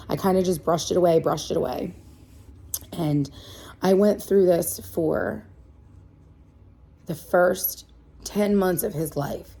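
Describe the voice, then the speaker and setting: A woman in her thirties, a mom sharing a personal story in a candid, halting way, with many fillers and restarts. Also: mid-range voice, gravelly, dark tone, breathy edge. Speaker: mom vlogger. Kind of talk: personal confessional chat.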